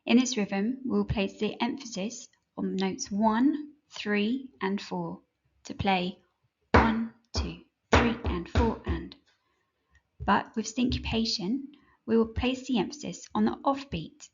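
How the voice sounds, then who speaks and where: Husky gravelly lady reading a kids music lesson, slow and clear, kinda dull lo-fi sound. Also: medium pitch. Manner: clear, measured, instructive. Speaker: music teacher. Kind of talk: scripted educational narration.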